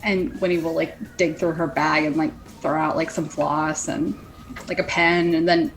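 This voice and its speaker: A woman's voice: sits low, level tone, normal speed, rough recording. A woman taking part as a player in a tabletop game, casually describing her character's actions with many "like"s.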